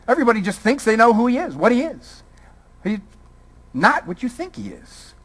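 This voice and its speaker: A man from Brooklyn, New York, delivers a public college lecture, firing a string of rhetorical questions at the audience. His voice is very high-pitched with big pitch swings, a bit bright, at a normal speed.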